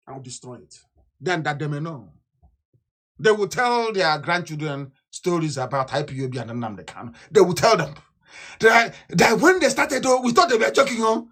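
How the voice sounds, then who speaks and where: A man giving an impassioned political broadcast, fiery and scornful, repeating himself and bursting into shouts. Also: on the high side, expressive, moderate pace. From Nigeria. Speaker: activist leader.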